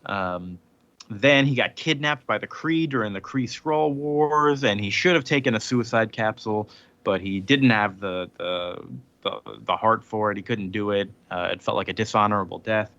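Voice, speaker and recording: A man's voice: lowish voice, normal speed, fairly bright tone, muffled recording. A man hosting a podcast in casual chat, recapping a comic in a rambling way with many fillers and chuckles. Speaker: podcast host.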